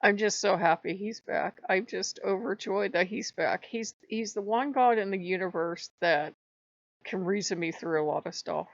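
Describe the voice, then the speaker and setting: A woman's voice: medium pitch, normal speed, dry recording. A woman in a personal spiritual vlog who rambles emotionally and laughs often. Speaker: spiritual vlogger. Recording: dull lo-fi, dry.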